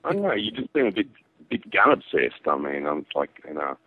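An Australian man calls into a radio show and teases the host in a laid-back way. His voice is low, very animated, and fairly quick, coming through a dry, tinny phone line with no echo.

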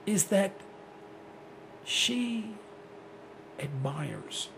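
A man's voice: sits high, big pitch swings, very slow, vocal fry, background noise. A man in his sixties hosting a rambling, blunt talk radio monologue. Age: 60s. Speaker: host.

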